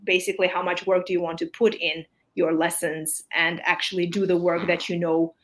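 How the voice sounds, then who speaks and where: A woman speaking as a guest in a live discussion, thinking out loud in a hesitant way. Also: lowish voice, level tone, a little fast. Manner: thoughtful, hesitant, lots of fillers and restarts.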